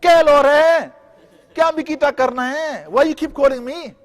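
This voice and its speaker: A man's voice: very high-pitched, normal speed, pitched above the performer's own voice. A man putting on the voice of a rude young child who snaps back at a parent calling him. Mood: insolent. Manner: whiny, cheeky, shouting back. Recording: echoey mosque hall.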